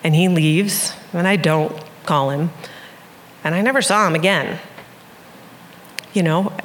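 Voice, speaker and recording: A woman's voice: mid-range voice, fairly bright tone, slight background noise. A woman in her forties from Iowa, telling a candid, emotional personal story in a conversational way. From Iowa, USA. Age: 40s.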